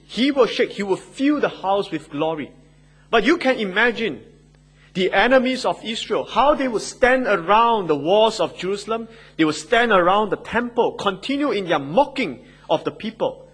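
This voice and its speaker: A man delivering a sermon with a somewhat husky, slightly high voice. He leans hard on key words for emphasis and drops into easy conversational asides. Expressive and earnest throughout. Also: low-quality recording. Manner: emphatic, rising and falling between quotes and asides. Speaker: preacher.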